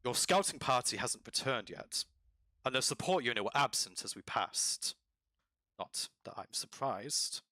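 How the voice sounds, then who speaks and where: A man voicing a cold, scornful blue dragonborn commander in a tabletop game, calm and cutting. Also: mid-range voice, unhurried, no echo.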